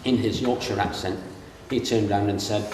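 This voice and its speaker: A middle-aged Englishman delivers the best man's speech from memory at a castle wedding, his voice fairly low with fairly even intonation at a moderate pace. The comic speech is full of stories, and he mimics the voices of the people in them. Heard from a distance in a large reception room, the recording is echoey with room noise.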